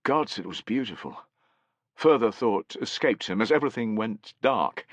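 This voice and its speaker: A man's voice: lowish voice, expressive, normal speed, no room sound. A man narrating a dramatic war novel, voicing each character expressively. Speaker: audiobook narrator.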